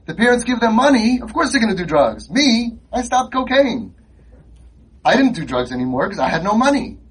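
A man putting on the voice of a sarcastic young man who brags about quitting drugs, in a mocking deadpan tone. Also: high voice, moderate pace, breathy edge, recorded from a distance, pitched above the performer's own voice, full character voice, low-quality recording. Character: sarcastic young man, former drug user, smug.

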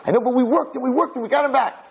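A man doing a frantic high-voiced nurse. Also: rapid-fire, gravelly, muffled recording. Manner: breathless urgent pleading. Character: frantic female nurse bursting in.

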